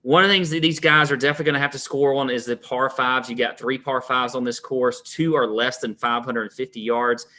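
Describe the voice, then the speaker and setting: A male podcast co-host with a bright, forceful tone. He rattles off course details and past results in a brisk, businesslike rundown for a casual fantasy golf chat. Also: medium pitch. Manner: runs through course facts in a brisk rundown.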